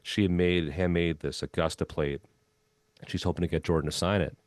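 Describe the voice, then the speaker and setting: A man who used to be a golf club head pro tells a long anecdote in an interview, relaxed and full of "um" and "you know.". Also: low voice, a little fast, no echo. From Minnesota. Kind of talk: storytelling in a conversational interview.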